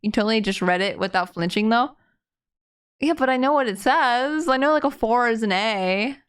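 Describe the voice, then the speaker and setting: A woman streaming a game live, chatting and reading its dialogue aloud with giggles and loud excited outbursts. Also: a little high, moderate pace, smooth.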